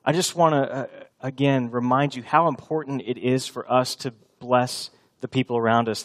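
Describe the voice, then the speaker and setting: Earnest man in his thirties preaching. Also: mid-range voice. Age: 30s. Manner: earnest, repeats key lines for emphasis, drops soft for tender passages. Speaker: pastor. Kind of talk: sermon.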